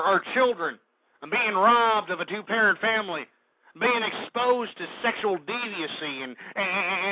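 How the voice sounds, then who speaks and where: A man hosting a call-in radio talk show, angrily ranting with repeated rhetorical questions and insults. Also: sits high. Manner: indignant, shouting insults, repetitive rhetorical questions. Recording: dull lo-fi internet radio audio.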